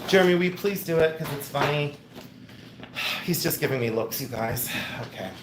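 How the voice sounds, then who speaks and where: A man's voice: a little high, lively intonation, measured pace, background noise. A middle-aged man hosting a casual livestream from home, chatty and playful, reading viewer comments aloud. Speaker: livestream host.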